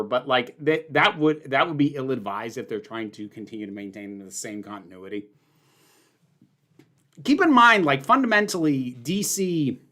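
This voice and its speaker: Male streamer host, emphatic and opinionated, lively up-and-down delivery. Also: mid-range voice. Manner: opinionated, emphatic, rambling with fillers. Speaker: livestream host answering viewer questions. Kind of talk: casual livestream chat.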